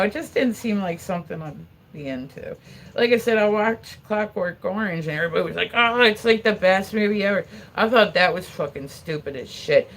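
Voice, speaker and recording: Speaking at a medium pitch with a fairly bright tone, this forties-aged streamer from Pennsylvania rambles through a casual at-home chat. Fillers like "like" pile up, laughs come often, and curse words slip in freely over slight background noise.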